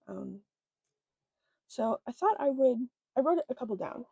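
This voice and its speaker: A woman talking through a book in a casual vlog, emotional and halting, with many fillers, close to her own microphone. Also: high-pitched, lively intonation, creaky, warm tone, breathy edge, no room sound, poor audio. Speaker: book vlogger.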